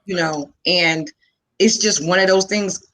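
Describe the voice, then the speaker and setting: A woman's voice: fairly low pitch, measured pace, a bit bright. A middle-aged woman in casual panel chat, earnest and full of "you know" fillers. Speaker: panel guest.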